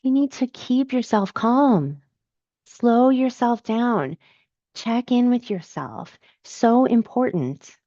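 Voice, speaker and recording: A woman's voice: on the high side, lively intonation, takes it slowly, mellow, dry recording, lo-fi sound. A woman coach answering viewers' comments in a live Q&A, encouraging and emphatic, repeating her key phrases.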